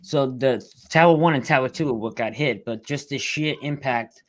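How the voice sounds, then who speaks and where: A man's voice: mid-range voice, normal speed, no echo. Middle-aged new guy, rescue worker in an interview, blunt, keeps restarting, holding back tears, dry sound. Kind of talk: emotional storytelling.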